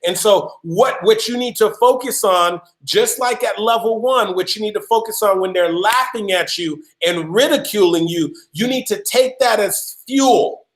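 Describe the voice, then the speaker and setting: A man's voice: high-pitched, moderate pace, few pauses, echoey room. A man giving an emphatic motivational talk on a live call, repeating his lines and calling out listeners by name. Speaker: motivational speaker.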